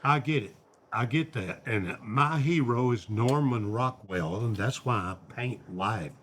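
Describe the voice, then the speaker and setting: An older man, hosting and telling animated stories about his paintings and friends. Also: mid-range voice, a little slow, a little hiss or hum. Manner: animated storyteller, quotes friends in their voices. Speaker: host, singer and painter. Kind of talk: storytelling conversation.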